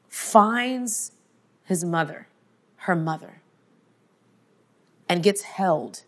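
Woman preaching-style faith talk, chatty, keeps saying like and okay, goes soft and quiet to drive points home. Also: medium pitch. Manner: emphatic and conversational, frequent "like" and "okay?". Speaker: conference speaker. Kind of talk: motivational faith talk to an audience.

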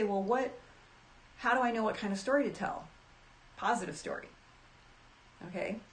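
A woman talking casually to her audience about handling anxiety, chatty and animated, acting out little quoted asides. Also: mid-range voice. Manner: chatty, animated, frequent restarts and acted asides. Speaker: self-help speaker. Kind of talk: casual talk to camera.

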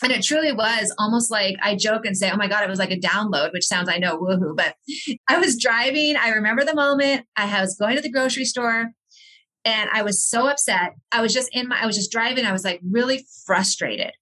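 A woman's voice: fairly high pitch, brisk, pushed and bright, rough recording. A woman talking as a podcast guest, an author and coach, speaking earnestly and reflectively with frequent restarts. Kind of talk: candid personal conversation.

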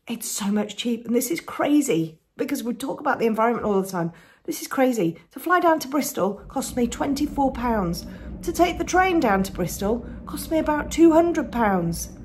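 A woman with an English accent hosting a podcast, chatting in a rambling way with restarts and laughs. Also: lowish voice. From England. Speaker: podcast host and coloured pencil artist. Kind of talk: casual chat.

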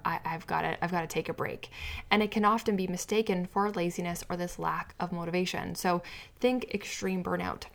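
A weight-loss coach hosts a solo podcast, explaining earnestly in a teaching manner and sometimes voicing what a client's inner voice says. She speaks at a medium pitch.

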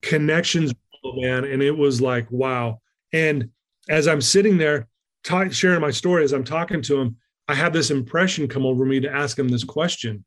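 A man telling a personal story in a conversation, lively and acting out the lines of people he quotes. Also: mid-range voice, moderate pace. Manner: animated, acts out quoted lines. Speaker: guest speaker.

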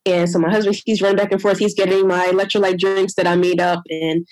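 A woman tells a personal story as a guest, in a casual, lively way, with lots of "you know" and "I'm like" along the way. Her pitch sits in an ordinary middle range. The sound is dry and close, with no room around her. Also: quick pace, no echo, rough recording. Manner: animated, acts out her own past words in a higher voice.

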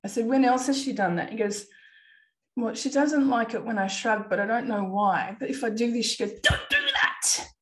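A woman's voice: on the high side, steady tone, brisk. Earnest woman telling a personal story. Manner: earnest, emotional retelling with quoted dialogue. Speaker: podcast host and parent.

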